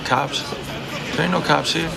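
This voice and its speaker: A man's voice: fairly high pitch, steady tone, unhurried, gravelly, a loud crowd. An actor playing a bitter man who taunts the hostage he holds, heard in a film clip. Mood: taunting. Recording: film clip with loud music, from afar.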